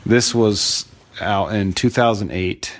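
A man hosting a casual movie-review podcast, chatty and jokey, with quick asides. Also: lowish voice, slight background noise. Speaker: podcast host.

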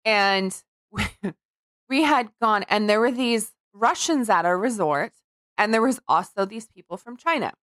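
A woman co-hosting a comedy podcast who tells stories in an animated way and laughs often. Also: mid-range voice, unhurried, no echo, clean studio sound. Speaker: podcast co-host. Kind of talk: casual comedic chat.

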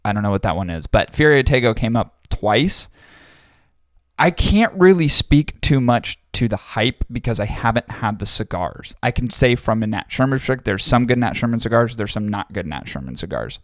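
A man's voice: mid-range voice, expressive, normal speed, no echo. Casual rambling man, dry mic. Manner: rambling, thinks aloud with restarts and swearing. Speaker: podcast co-host. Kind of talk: casual chat.

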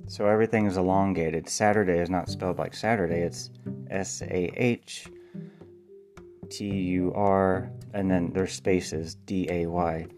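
Male playwright, deep voice, loose spoken monologue, pauses and spells words out. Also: steady tone, darkish tone, faint music behind. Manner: thinks aloud with ums, spells words letter by letter. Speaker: playwright and podcast host.

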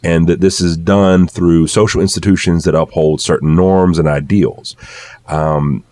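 A man's voice: deep voice, fairly even intonation, a little slow, dark tone, no echo. A man in a casual podcast discussion, explaining social theory at length with plenty of fillers and restarts. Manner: thoughtful, explanatory, with many fillers.

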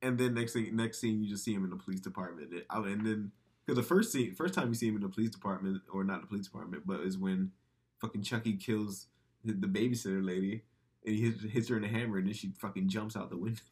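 Young male co-host, low voice, loose profane movie chatter. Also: fast talker. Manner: profane, rambling, animated storytelling with acted quotes. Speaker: podcast co-host. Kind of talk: casual movie chat.

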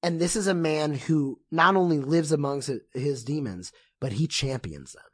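A man talking as a podcast guest in casual chat, impassioned and excitable, swearing often. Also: fairly high pitch, moderate pace, no room sound, studio quality.

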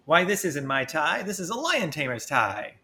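A man's voice: a little high, sing-song, moderate pace, pushed and bright, heavily acted. Brooding guilty husband, hammy melodrama parody, a man doing the voice, faint hiss. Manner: hammy, mock-dramatic.

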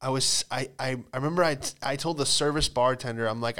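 A man's voice: mid-range voice, fast talker, clean tone. A man casually telling rambling stories about an old restaurant job, swearing and peppering his talk with "like". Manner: rambling anecdotes, lots of "like", swearing; breaks into loud laughing impressions. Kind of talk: casual storytelling chat.

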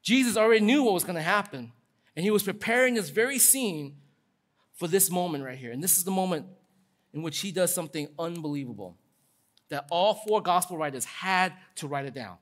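A man pastor delivering a sermon in a lively, conversational way, acting out quotes with casual asides. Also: high voice, brisk.

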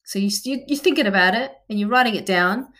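A woman's voice: medium pitch, fast, a bit bright. A woman in her thirties, a personal trainer, talking directly and chattily to the listener about exercise motivation and asking questions. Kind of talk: motivational talk to camera.

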